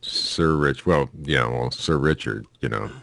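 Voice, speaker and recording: A man's voice: very deep voice, measured pace, gravelly, fairly bright tone, dry recording. A man co-hosting a casual comedy podcast, reading news stories aloud with offhand jokes and chuckles.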